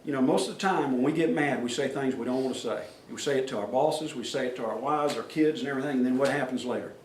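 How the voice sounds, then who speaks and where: A middle-aged man speaks fast in a medium-pitched, darkish voice, telling folksy, plain-spoken stories at a workplace safety meeting and acting out the quoted voices. The audio is from far off in an echoey meeting room, with a faint hiss of noise.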